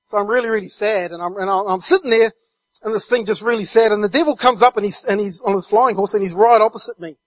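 A guest speaker from New Zealand shares his testimony fast and vividly, linking each phrase to the next with repeated "and"s. His voice sits high, with a dry, close sound and no room tone.

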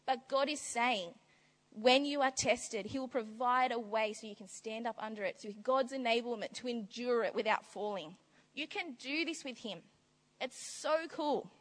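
A woman preaching a sermon in an animated, bubbly way, laughing often and acting out little quoted voices. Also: a little high, normal speed. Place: large hall with long reverb. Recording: reverberant hall recording.

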